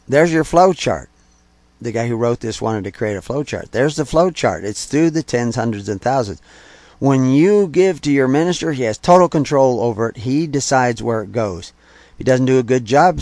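A man's voice: medium pitch, darkish tone, no room sound. A man preaching in a conversational sermon style, emphatic, repeating key phrases and asking rhetorical questions. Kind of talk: sermon-style teaching talk.

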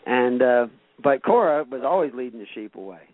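A man's voice: medium pitch, expressive, brisk, no echo. A man preaching a sermon, shifting from folksy storytelling to emphatic exhortation. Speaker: pastor. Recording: dry, tinny phone-like radio broadcast.

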